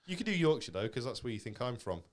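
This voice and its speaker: A man's voice: medium pitch, big pitch swings, fast talker. A man from Lancashire co-hosting a podcast, chatting casually with lots of banter and laughter. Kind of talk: casual chat.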